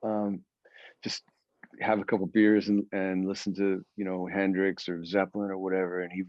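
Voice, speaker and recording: Guitarist dude on a video call, animated rambly stories, sound kinda dull and dead dry. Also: male voice, low voice, moderate pace, no echo. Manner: rambling, animated storyteller who acts out quotes. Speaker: guest guitarist. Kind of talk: casual storytelling in an interview.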